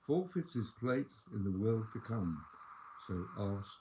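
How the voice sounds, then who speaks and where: Guy preaching a sermon, measured and emphatic, gets loud then soft, mid pitch. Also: lively intonation, a little hiss or hum. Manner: measured, emphatic delivery with strong dynamic swings.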